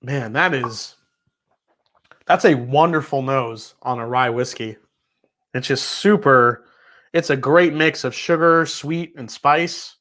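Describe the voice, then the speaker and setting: A man's voice: medium pitch, slow, fairly bright tone. A man with a New York accent hosting a casual whiskey livestream, reading out viewer messages and chatting loosely, with casual swearing.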